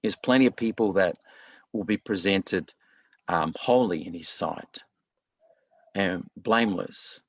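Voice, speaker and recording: A man's voice: fairly low pitch, breathy edge, no room sound. Man preaching, dry close sound. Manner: earnest, conversational preaching with many restarts. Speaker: pastor. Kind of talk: sermon.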